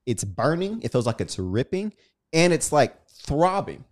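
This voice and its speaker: A young man co-hosting a podcast, telling a story in a playful, expressive way. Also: on the high side, unhurried. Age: young adult. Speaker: podcast co-host. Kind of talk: casual chat.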